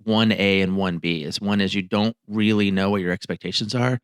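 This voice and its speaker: Low-voiced man in a dry room. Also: steady tone, brisk, smooth, no room sound. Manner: reflective, anecdotal, with frequent fillers. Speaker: marriage therapist and podcast co-host. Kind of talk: casual conversational chat.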